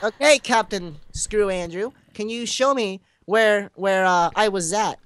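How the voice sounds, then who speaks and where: A man's voice: high voice, a little slow, fairly bright tone, clear, resonant tone, no room sound. A young man co-hosting a casual game let's-play, rambling goofily with melodramatic outbursts. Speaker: gaming channel co-host.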